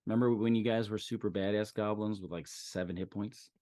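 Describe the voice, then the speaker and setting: A man's voice: fairly low pitch, steady tone, fairly quick, dark tone, dry recording, studio quality. A man running a tabletop role-play session as game master, narrating in a loose, easygoing way with plenty of fillers.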